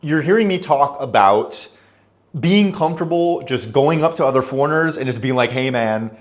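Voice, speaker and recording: A man's voice: a little high, animated, moderate pace. A young man talking casually into the camera, giving friendly advice in a loose, conversational way and acting out bits of dialogue. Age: young adult. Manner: chatty, loose and conversational, acts out little dialogues. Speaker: expat vlogger.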